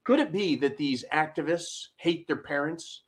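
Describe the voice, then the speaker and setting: A man hosting a ranting political commentary show, sarcastic and mocking, with loud asides to his viewers. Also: a little high, normal speed. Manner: sarcastic, mocking, shouty rants with audience asides.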